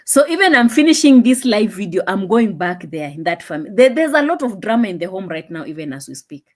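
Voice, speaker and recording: A young woman hosting a casual live stream, chatting and laughing, dropping into low asides, on a phone mic. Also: very animated, a little fast.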